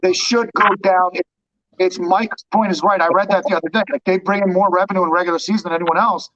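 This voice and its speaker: Fast-talking, high-voiced man. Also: steady tone, fairly bright tone, no echo, muffled recording. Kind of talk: casual sports chat.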